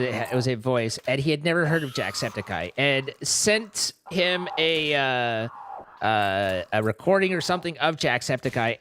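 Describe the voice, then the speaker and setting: A man chats casually on a live stream, rambling, correcting himself, and laughing easily. His voice is on the high side with a sharp tone, and there's a little hiss or hum.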